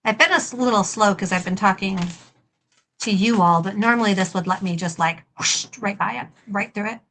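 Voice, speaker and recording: Woman, craft stream host, clear bright tone, casual and self-mocking while working. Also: mid-range voice, a little fast, slight background noise. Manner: chatty, self-deprecating, talks while working. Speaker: livestream host and prop maker. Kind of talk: casual crafting livestream chat.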